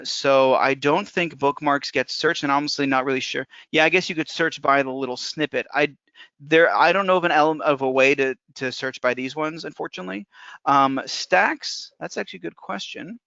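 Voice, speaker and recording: A man, a software developer, walking through a live software demo in a casual, technical way, often thinking aloud. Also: on the high side, no echo. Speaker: software developer presenting a webinar. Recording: dull lo-fi webinar audio.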